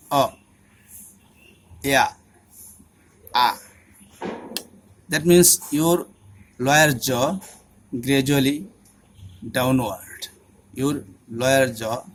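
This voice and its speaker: A man teaching English pronunciation, deliberately repeating sounds and words one by one. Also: medium pitch, slight background noise. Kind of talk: instructional lesson.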